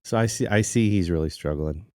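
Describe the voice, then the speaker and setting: A man in his thirties, a podcast co-host telling a story in casual chat, animated and laughing often. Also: sits low, brisk, dry recording, studio quality.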